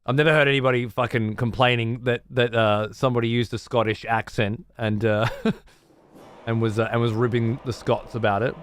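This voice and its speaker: A man's voice: mid-range voice, level tone, moderate pace, a bit bright, smooth, dry recording. Profane, blunt male streamer. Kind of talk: casual chat with a live stream audience.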